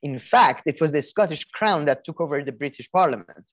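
A man's voice: a little high, expressive, fairly quick. A man co-hosting a podcast in casual chat, rambling with many restarts, fillers and the odd swear word. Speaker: podcast co-host.

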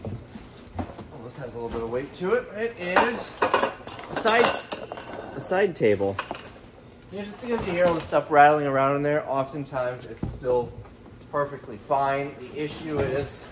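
A man's voice: a little high, lively intonation, measured pace, long pauses, very noisy. Joking man unboxing items. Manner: joking, rambling, thinks aloud. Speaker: reseller vlogger. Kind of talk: casual unboxing commentary.

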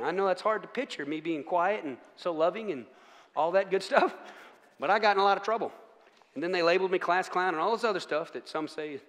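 Chatty pastor in an echoing hall. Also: male voice, fairly high pitch, a bit bright. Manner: chatty, self-mocking, asks the room for agreement. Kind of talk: casual sermon with humor. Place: church sanctuary. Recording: long church hall reverb.

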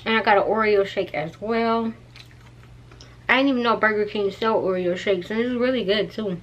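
In this casual vlog chat, a young woman talks at a moderate pace in a medium-pitched voice over slight background noise. Candid and chatty, she curses freely and addresses her audience as "girl" and "y'all."

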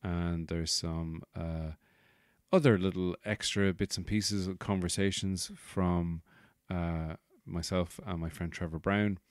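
Low-voiced Irish comedian, rambling. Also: male voice, fairly even intonation, slow, no room sound, clean studio sound. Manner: rambling, swearing, exasperated asides. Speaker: comedian and podcast host. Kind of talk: casual rambling monologue.

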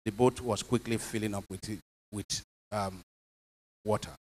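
A man's voice: fairly low pitch, fairly even intonation, a little slow, darkish tone. A man, a priest, giving an emphatic homily and putting questions to his congregation. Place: chapel. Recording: long chapel reverb.

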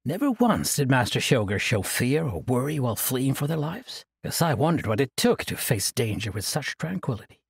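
A man narrating a fantasy audiobook in an expressive storytelling manner. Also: mid-range voice, moderate pace, vocal fry, few pauses, husky, dry recording, studio quality.

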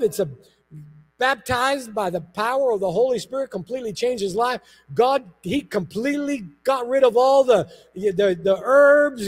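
A man, a pastor, preaching a sermon in a church, telling stories with lively emphasis and repeated phrases. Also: very high voice. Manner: animated storytelling with emphatic repetition.

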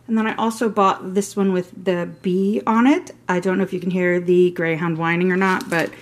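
A middle-aged woman chatting through a shopping haul on camera, gushing over each item with rambling asides. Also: medium pitch. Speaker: haul vlogger. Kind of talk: casual show-and-tell vlog.

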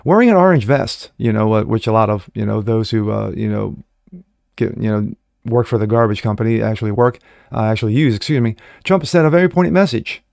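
A man's voice: lowish voice, a little fast, gravelly, a little mellow, no room sound, studio quality. A man reading news items aloud and breaking off for mocking asides, full of fillers and self-corrections. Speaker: online political commentator. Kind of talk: reading news with personal commentary.

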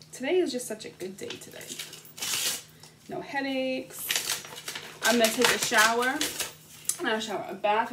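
A young woman chatting casually as she unboxes gifts at home on the floor, gushing and excitable. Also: on the high side, background noise. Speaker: vlogger. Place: indoors at home, sitting on the floor.

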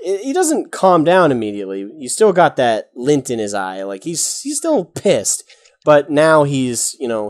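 A man narrating as game master of a tabletop game, casual and full of fillers. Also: medium pitch. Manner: casual, rambling with many fillers.

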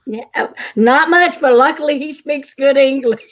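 A woman's voice: sits high, normal speed. A woman, a filmmaker guest on a video call, telling stories and laughing often. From Texas, USA. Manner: chatty, storytelling, laughs often. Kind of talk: casual interview chat.

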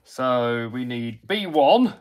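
A man's voice: mid-range voice, expressive, slow pace. Chatty man building a model kit. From United Kingdom. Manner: chatty, talks himself through each step and answers viewers. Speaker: RC hobby livestream host. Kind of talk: casual live-stream chat while building a model.

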